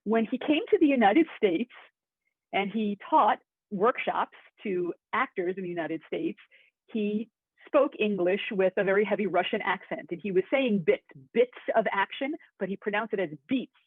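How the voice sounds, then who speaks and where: Woman acting coach, chatty webinar teacher, husky, phone-thin sound. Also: medium pitch, moderate pace, dry recording. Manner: chatty and enthusiastic, with asides. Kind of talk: webinar lesson. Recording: tinny phone-like audio.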